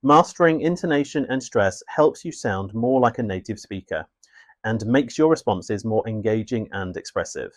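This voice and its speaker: Man, lowish voice, dry close sound, clear measured teaching narration, scripted lesson. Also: expressive, dry recording. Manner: clear, measured, instructive delivery. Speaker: English teacher.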